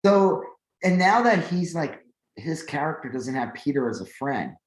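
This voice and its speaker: A man's voice: fairly high pitch, moderate pace. A man co-hosting a podcast, chatting casually and rambling with many fillers. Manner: rambling, filler-heavy, animated when excited. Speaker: podcast co-host. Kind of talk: casual chat. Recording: echoey room.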